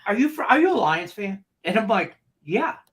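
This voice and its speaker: A man's voice: high-pitched, normal speed. A man co-hosting a casual sports betting show, telling stories and acting out the people in them. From Detroit area. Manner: animated storyteller, acts out quoted voices. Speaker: co-host.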